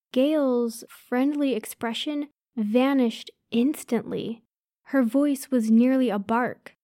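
A woman's voice: fairly high pitch, slow, dark tone, no echo, studio quality. A woman narrating a first-person story aloud, giving each character a light voice of their own.

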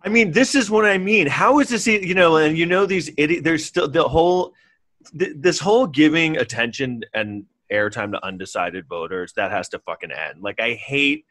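A man's voice: a little high, normal speed, fairly bright tone, no echo. A man in casual chat, ranting and swearing in exasperation.

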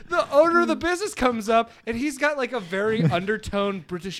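A man chats casually about a movie on a podcast, laughing often as he keeps the talk moving. His voice sits high and swings widely in pitch. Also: animated, brisk, few pauses, a bit bright. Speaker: podcast co-host.

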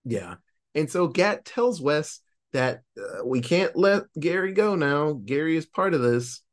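A man's voice: fairly high pitch, unhurried. A man hosting a podcast, casually recapping a horror film and acting out the characters' lines. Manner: animated storytelling, acting out quoted lines. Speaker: podcast host.

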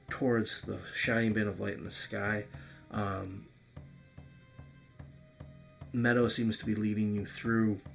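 Man, game master, gravelly voice, low pitch, halting narration, faint music. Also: fairly bright tone. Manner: halting, lots of fillers.

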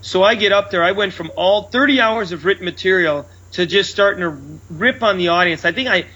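A man with a high, bright, forceful voice that has a husky edge, telling stories loud and brash in a casual chat. He throws himself into acting out his own lines. The sound is a little dull, like a lo-fi podcast recording. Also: fairly quick. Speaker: comedian and show headliner.

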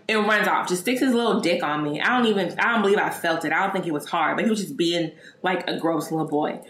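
A woman's voice: lowish voice, quick pace, hardly any pauses, a bit bright. A woman hosting her own podcast, telling a personal story in casual chat, acting out remembered dialogue and swearing freely. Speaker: podcast host. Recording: echoey room.

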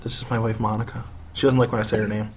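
With a lowish, fairly flat voice, this American podcast co-host fires off words rapidly against slight background noise. He and his wife chat about gossip, and he meanders, curses often and keeps laughing.

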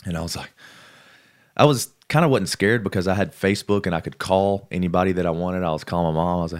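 A man's voice: low voice, quick pace. A man, a podcast guest, telling a story in casual talk and acting out the people he quotes. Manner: lively, acts out the people he quotes.

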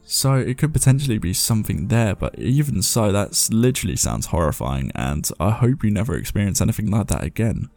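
A man's voice: on the low side, sing-song, fairly quick, vocal fry, few pauses, a little mellow, no room sound, faint music behind. A man hosting a show, chatting loosely and reading viewer ghost stories aloud, laughing at himself as he goes. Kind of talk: casual commentary and reading aloud.

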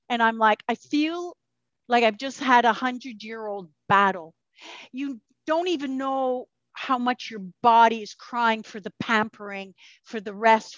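A high-pitched woman chats as a podcast guest, lively and loose-tongued, swearing freely and slipping into voices she quotes. The sound is dry and a little dull. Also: dry recording. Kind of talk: casual interview chat.

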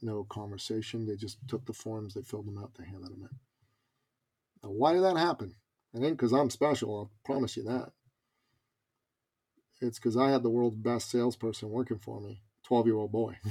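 Gravelly, husky man telling a story. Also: medium pitch. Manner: animated storyteller with casual fillers. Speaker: podcast guest, business coach. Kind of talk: conversational storytelling.

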